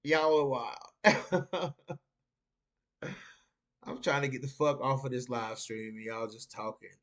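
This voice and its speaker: A man's voice: medium pitch, fairly even intonation, takes it slowly, fairly bright tone. A young man from North Carolina with a Southern accent, hosting a casual live stream, reading chat comments aloud and laughing often.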